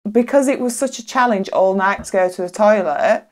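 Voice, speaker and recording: A woman tells a story on a chatty podcast, candid and unbothered by swearing. Her voice sits at an ordinary middle pitch. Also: a little fast, darkish tone. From England. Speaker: podcast co-host. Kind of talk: casual chat.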